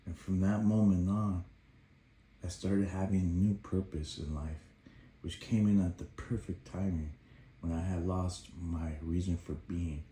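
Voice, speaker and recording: A man telling a personal story about helping his baby daughter, animated as he acts out his past shouts, then quieter and reflective. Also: deep voice, measured pace, echoey room.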